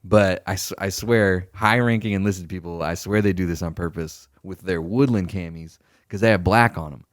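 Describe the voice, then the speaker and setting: This young man speaks at a normal speed in a low voice, recorded at studio quality without echo. As a podcast co-host he spins stories in loose conversation, swearing freely and animatedly impersonating the people he quotes, superiors included.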